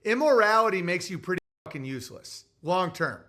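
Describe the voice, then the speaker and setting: A man with a high, bright, forceful voice rants in a heated, conversational way. He swears freely and mocks his critics by acting out their lines. His delivery is aggressive and opinionated. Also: big pitch swings, a little fast. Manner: profane, ranting, mocks others in quoted voices.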